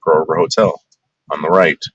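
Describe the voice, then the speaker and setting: A man's voice: a bass voice, steady tone, fairly quick, dull audio, slight background noise. A man from the New York area, bluntly narrating a casual tour in a rambling, crude way. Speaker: vlogger.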